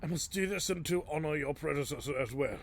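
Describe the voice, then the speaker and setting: A man's voice: on the high side, quick pace, a little hiss or hum, lightly acted. A man reading out a loyal, courteous male retainer from a game in a formal tone. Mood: solemn. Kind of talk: reading game dialogue aloud.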